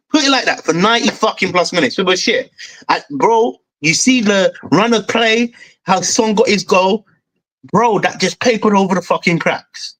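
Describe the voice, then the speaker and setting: A man's voice: high-pitched, a bit bright, poor audio. A young man hosts a football fan stream and rants angrily, swearing and saying "bro" again and again. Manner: angry, swearing, repeats "bro". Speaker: fan show host. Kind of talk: heated football fan rant.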